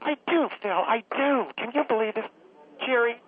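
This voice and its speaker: A man's voice: very high voice, normal speed, a crowd in the background, voice pushed up. A man voicing a gushing, rambling woman caller who gets choked up and talks on and on. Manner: effusive, rambling, easily choked up. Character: gushing middle-aged woman caller, flustered and chatty. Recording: tinny phone line with faint hiss.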